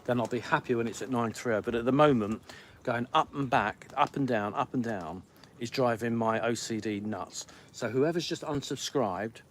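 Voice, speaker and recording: A middle-aged man hosting a live stream from home, grumbling and pleading with theatrical exasperation. He rattles along at an auctioneer's clip in a mid-pitched voice. There is a faint hiss of background noise. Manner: grumpy, theatrical, pleading with viewers; rapid-fire like an auctioneer. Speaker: podcast host on live stream. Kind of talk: casual live-stream chat.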